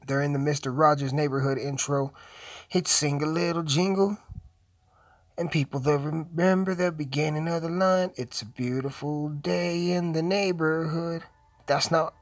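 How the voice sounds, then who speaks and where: A young man rambles through casual commentary while high, cursing freely and cracking jokes. His voice sits at an ordinary middle pitch. It is recorded close and dry, with no room echo. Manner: profane, joking, rambling. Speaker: video host.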